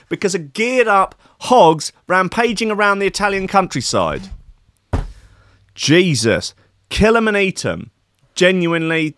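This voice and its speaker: A man's voice: mid-range voice, a bit bright, dry recording, studio quality. A man hosting a comic podcast, ranting sarcastically and profanely about news stories. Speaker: podcast host. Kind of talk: sweary comic news rant.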